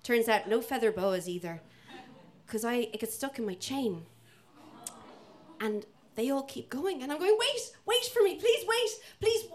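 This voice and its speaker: A woman's voice: high-pitched, noisy background. A young adult woman with an Irish accent telling a self-mocking personal story, acting out the voices of the people in it. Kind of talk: personal story told to an audience.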